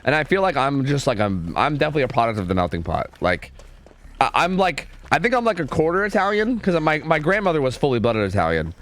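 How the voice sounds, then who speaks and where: A man's voice: fairly high pitch, very animated, fast talker, fairly bright tone. A young man from New York streaming a game, talking in a laid-back way with lots of filler words. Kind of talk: casual gameplay commentary.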